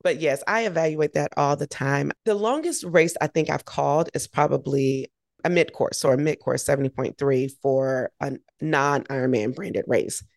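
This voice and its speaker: Woman, low raspy-edged voice, bubbly storyteller, dry close sound. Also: normal speed, no echo. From United States. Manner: energetic, animated storytelling. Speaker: triathlete and race announcer. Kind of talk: interview guest telling a story.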